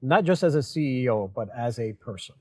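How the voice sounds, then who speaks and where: A man's voice: mid-range voice, expressive, brisk. A middle-aged man with a mid-range voice talks casually as a company president. He keeps a dry, self-mocking humor throughout. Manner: dry humor, laughs at himself. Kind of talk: casual on-camera chat.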